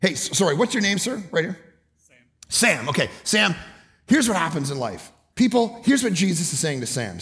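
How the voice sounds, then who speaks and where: A man preaching a comedic sermon, telling stories with sudden loud, shouted bursts. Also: high voice, sing-song, moderate pace. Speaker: guest preacher. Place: church.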